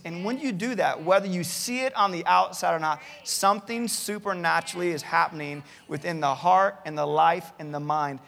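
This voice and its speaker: Male pastor, sermon, somewhat high gravelly voice, big reverberant church hall. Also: normal speed, hardly any pauses, fairly bright tone. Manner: earnest preaching, reads many Bible verses aloud, repeats words at starts. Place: church campus, large hall.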